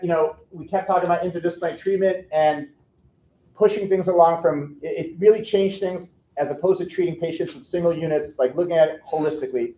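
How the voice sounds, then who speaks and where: A man's voice: fairly high pitch, dark tone, a little hiss or hum. A man telling funny stories in an echoey room. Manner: humorous, self-deprecating anecdotes. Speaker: orthodontist giving a talk. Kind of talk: storytelling conference talk. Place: lecture room with an audience.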